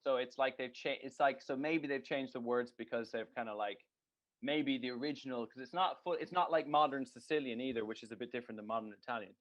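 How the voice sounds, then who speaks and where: A man co-hosting a casual podcast, rambling along with jokes and a steady stream of swearing. His voice sits at an ordinary middle pitch. The recording sounds dull and lo-fi. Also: quick pace. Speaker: podcast co-host. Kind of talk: casual chat.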